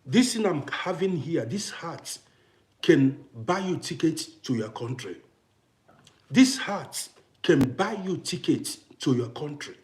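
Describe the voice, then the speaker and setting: Vlogger, male, parent of adult kids: high voice that swings widely, hammers each point home. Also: lively intonation, unhurried, a little mellow. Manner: emphatic, repetitive, challenging. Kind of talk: ranting to camera. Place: living in Austria.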